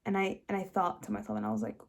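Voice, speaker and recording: A young woman sharing a personal testimony, speaking emotionally with many restarts and fillers, dropping soft and rising louder. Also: sing-song, racing, vocal fry. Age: young adult. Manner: swings between soft low passages and louder rises. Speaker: host.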